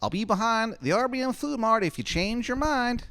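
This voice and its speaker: A man putting on a high, strained falsetto voice for a whiny, wounded character. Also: big pitch swings, normal speed, fairly bright tone, clear, resonant tone, heavily acted.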